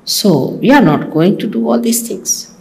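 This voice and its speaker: A woman's voice: medium pitch, animated, measured pace, gravelly, a little mellow, a little hiss or hum, rough recording. A woman giving a sermon to her followers, teasing and scolding with humor. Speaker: spiritual teacher.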